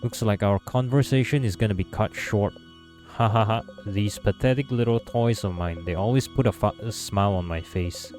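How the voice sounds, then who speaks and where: A scornful, godlike creator villain, read out by a man as he plays a story game. He talks down with cold mockery in a lowish voice. Soft game music plays faintly behind. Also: moderate pace, natural voice. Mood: mocking. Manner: mocking, condescending.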